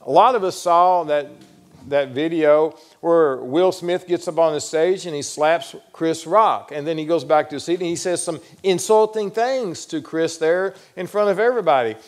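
A man's voice: fairly high pitch, moderate pace. A male pastor preaching a sermon, earnest and questioning, telling stories to make his point.

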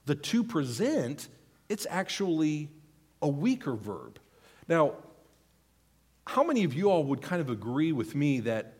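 A man's voice: fairly high pitch, darkish tone, husky. A man in his thirties preaching a sermon to a congregation, teaching earnestly, pleading for emphasis and putting questions to the room. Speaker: pastor.

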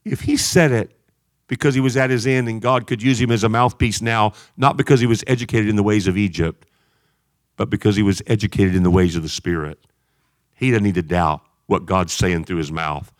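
A man preaching a sermon in an animated way, jumping between loud shouts and quiet asides. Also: lowish voice, fairly quick, no echo, clean studio sound.

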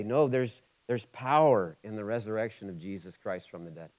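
A man of about forty from Ohio preaching a sermon. He moves between loud, urgent emphasis and quiet, intimate asides, with a conversational, humorous touch. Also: medium pitch, moderate pace, few pauses, low-quality recording. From Ohio, USA. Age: 40s. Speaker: pastor.

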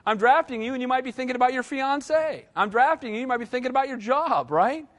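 A man's voice: very high-pitched, lively intonation, fast talker, a bit bright. A middle-aged male pastor giving a conversational sermon, repeating short punchy phrases and often checking in with the congregation by asking "right?".

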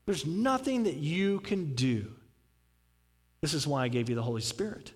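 Guy doing God in a sermon, gentle and reassuring, high-ish voice, big echoey hall. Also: very animated, moderate pace, slightly rough. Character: patient loving God speaking to a man. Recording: long reverb from a large hall.

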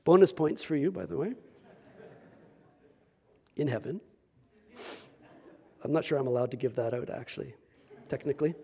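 A man preaching a sermon at a church service. He moves from loud, emphatic scripture reading to quiet, joking asides. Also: medium pitch, expressive, moderate pace, long pauses, husky. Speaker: pastor.

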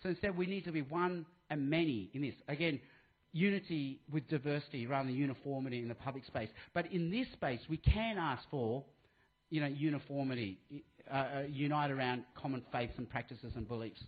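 Australian man, animated, tinny sound. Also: medium pitch, brisk. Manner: animated, acts out voices, restarts. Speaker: speaker. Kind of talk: live talk answering a question.

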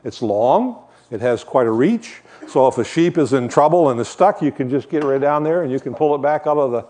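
A man's voice: medium pitch, lively intonation, fairly quick, dark tone. An older man giving a sermon as a guest preacher, talking in a conversational way with joking asides while he shows shepherd props.

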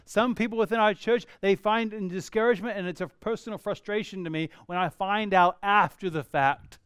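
A middle-aged man preaching a sermon as a pastor, lively and acting out quoted voices. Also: sits high, brisk, hardly any pauses, clear, resonant tone, dry recording, clean studio sound. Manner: animated, acts out quoted voices.

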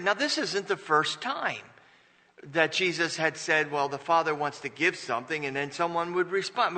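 A male pastor preaching in a church, his bright, fairly high voice carrying a long reverb through the hall. He reads scripture and then pushes into emphatic, rising bursts, often restarting his phrases. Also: lively intonation, normal speed. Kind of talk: sermon. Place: church sanctuary.

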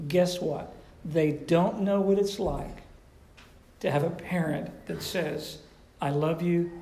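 A man delivers a sermon in a relaxed, conversational teaching style and keeps asking his listeners questions. His voice sits high but sounds dark and mellow, with a gravelly edge. He was recorded in an echoey room with a faint hum behind him. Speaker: pastor and counselor.

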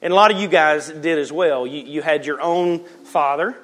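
A male pastor preaching in a conversational way, telling a personal story with joking asides and quick restarts. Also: on the high side, a bit bright.

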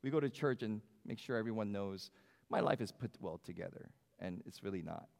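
A man's voice: fairly low pitch, animated, a little fast, vocal fry, a little mellow. A man preaching a sermon in a church sanctuary, talking conversationally and asking the congregation questions. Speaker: pastor. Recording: long hall reverb.

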